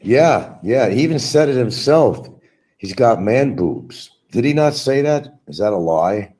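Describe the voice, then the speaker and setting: A man's voice: medium pitch, expressive, unhurried, dark tone. A man hosting a stream, giving a combative, mocking monologue aimed at absent rivals. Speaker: livestream host. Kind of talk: ranting monologue.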